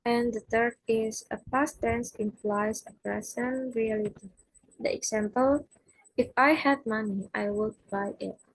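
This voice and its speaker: A young woman, a native Indonesian speaker, slowly reading her grammar lesson notes aloud with frequent "uh" fillers. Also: a little high, fairly even intonation, slightly rough, no room sound, poor audio. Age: young adult. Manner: slow and careful, with frequent "uh" fillers. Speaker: student presenting an exam review.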